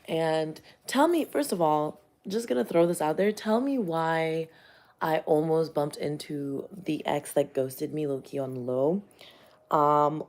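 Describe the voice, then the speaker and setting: A woman's voice: on the low side, a little mellow. A woman vlogging in casual chat, rambling and profane as she tells a story and reads tarot cards.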